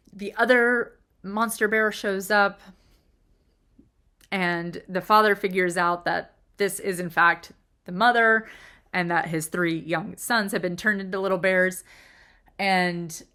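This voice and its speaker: Chatty, emotional woman with low voice. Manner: chatty and emotional, pitch jumps up when excited. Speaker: video host analyzing film characters. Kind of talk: casual analytical monologue.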